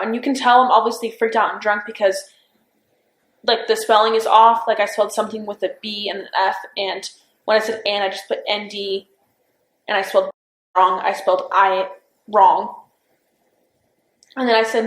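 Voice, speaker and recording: Halting young woman in an echoey room. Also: medium pitch, flat delivery. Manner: halting, full of "like" and restarts, unsure. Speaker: interviewee recounting events. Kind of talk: recorded police interview. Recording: roomy interview room recording.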